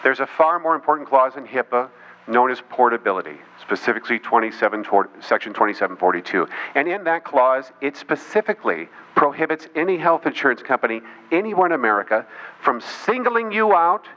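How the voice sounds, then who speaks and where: The man's voice is medium in pitch, animated and brisk. As a political speaker giving a speech, he tells a story for his audience, weaving in ridicule and quoted voices. Faint noise sits under the dull, lo-fi audio.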